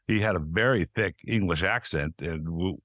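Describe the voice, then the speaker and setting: Brief: american male podcast host, chatty, laughs a lot, lowish voice, dry close sound. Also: moderate pace, fairly bright tone, no room sound. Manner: chatty, laughs often, restarts sentences. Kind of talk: casual interview chat.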